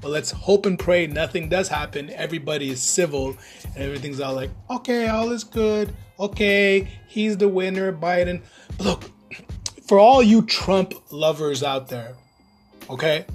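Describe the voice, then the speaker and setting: A man's voice: fairly high pitch, a little mellow. A man hosting his own channel, chatting in a rambling, jokey, heavily profane casual rant. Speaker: vlogger, channel host.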